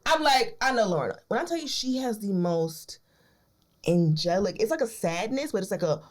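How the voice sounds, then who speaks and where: Lively, swinging woman podcast co-host. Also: medium pitch, moderate pace, a crowd in the background. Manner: excitable storytelling, swears freely. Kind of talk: casual chat.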